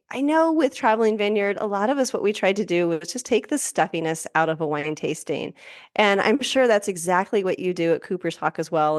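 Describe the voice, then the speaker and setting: A woman's voice: fairly low pitch, dry recording, studio quality. A woman hosting a casual podcast chat, upbeat and encouraging toward her guest. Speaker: podcast host.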